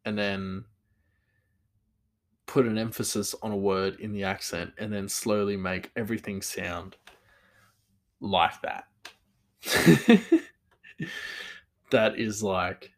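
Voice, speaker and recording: Creaky-voiced man rambling casually. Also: lowish voice. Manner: rambling, many fillers, chuckling asides. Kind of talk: casual monologue.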